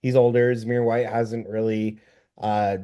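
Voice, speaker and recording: A man's voice: lowish voice, level tone, unhurried, warm tone, clear, resonant tone, lo-fi sound. A man co-hosting a casual sports podcast, talking hesitantly with many fillers and self-corrections. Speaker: podcast co-host.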